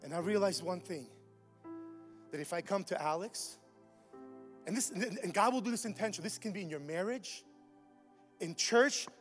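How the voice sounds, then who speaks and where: A man preaching a sermon to his church, animated, swinging between quiet asides and shouted points. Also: high voice, normal speed, long pauses, big-room sound, soft background music. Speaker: pastor. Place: church sanctuary.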